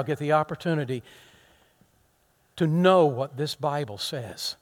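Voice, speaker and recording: A middle-aged man preaching a sermon to his congregation, swinging from loud, impassioned rises to soft, near-whispered asides. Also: fairly high pitch, moderate pace, long pauses. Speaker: pastor.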